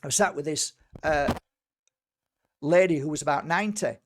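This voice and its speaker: A man, a spiritual healer and medium, telling stories in casual conversation, emphatic and animated with many repeated words. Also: a little high, moderate pace, slight background noise.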